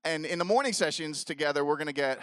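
Male speaker in his 40s, dry close sound, high voice, animated storyteller who acts out the voices. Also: quick pace, clear, resonant tone, no room sound. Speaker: speaker at a youth leader event. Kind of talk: storytelling talk to a live audience.

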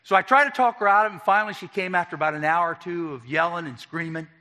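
A man telling his own story to an audience, animated and acting out the dialogue. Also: high voice, fast talker. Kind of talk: personal testimony talk. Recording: long hall reverb.

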